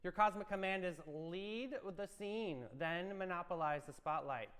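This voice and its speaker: A high-pitched man co-hosts a morning talk show, reading horoscopes and spinning comic stories with upbeat theatrical flair. His voice rings out with a long, hall-like reverb around it. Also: unhurried, a bit bright, smooth. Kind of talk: playful horoscope and story segment.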